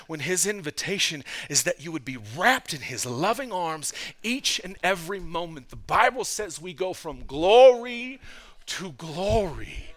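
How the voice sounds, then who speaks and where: A man in his thirties preaching a sermon as pastor, swinging from loud, impassioned lines to quiet, conversational asides. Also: sits high, very animated, normal speed.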